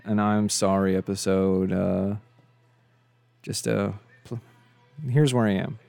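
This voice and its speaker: A man's voice: lowish voice, fairly even intonation, slow pace, vocal fry, darkish tone, dry recording, faint music behind. A young man hosting a casual solo podcast, rambling and joking at his own expense, tired from too little sleep. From of Mexican descent. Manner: rambling, joking, self-deprecating. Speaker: podcast host.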